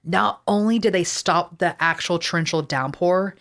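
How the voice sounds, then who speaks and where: A chatty woman with a light Texan accent tells personal stories on a podcast, drifting into rambling asides. She swears freely, and her voice sits a bit low for a woman. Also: normal speed, a bit bright. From Texas. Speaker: podcast co-host. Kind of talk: casual podcast storytelling.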